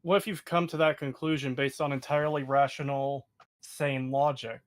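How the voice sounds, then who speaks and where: A man's voice: medium pitch, fairly even intonation, moderate pace. A man co-hosting a stream, casually questioning points in a video. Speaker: stream co-host. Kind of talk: casual chat reacting to a video.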